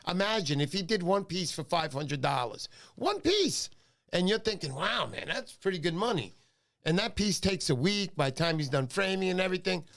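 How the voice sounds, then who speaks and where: Gravelly-voiced man hosting a fishing livestream. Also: high-pitched, expressive, fairly quick, fairly bright tone. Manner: storytelling, acts out quoted voices, rambling. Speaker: livestream host. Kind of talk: casual chat.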